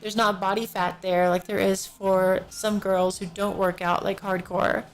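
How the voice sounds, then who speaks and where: A woman's voice: mid-range voice, flat delivery, measured pace. A woman live streamer chatting casually at her home desk setup, drowsy and yawning, a bit out of it and rambling, into a professional desk microphone. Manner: rambling, slightly out of it. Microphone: professional-grade desk microphone. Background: faint music from a neighbor.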